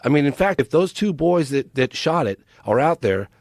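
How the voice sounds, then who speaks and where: Male podcast guest, storyteller, emphatic and animated; lively swings in pitch, dry close mic. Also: moderate pace, no room sound. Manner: acts out quoted voices, emphatic.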